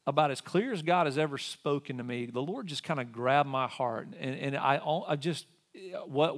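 A man's voice: a little high, lively intonation, moderate pace, hardly any pauses, fairly bright tone. A man in his forties, a pastor telling a personal story in a sermon and acting out both sides of an argument. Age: 40s.

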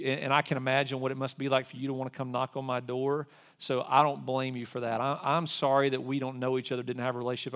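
A man in his forties, a pastor telling a personal story in a sermon and acting out both sides of an argument. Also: mid-range voice. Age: 40s.

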